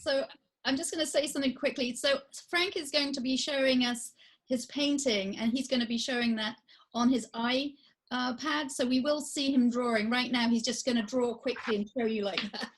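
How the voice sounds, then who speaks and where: High-voiced woman hosting an event. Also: steady tone, moderate pace. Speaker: event host. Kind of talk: casual hosting.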